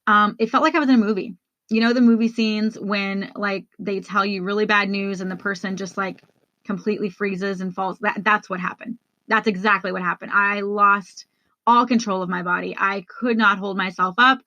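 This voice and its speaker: Bright-voiced woman telling a personal story. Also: medium pitch, steady tone, moderate pace, no echo, highs cut off. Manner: candid, conversational, addresses listeners directly. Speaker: podcast host.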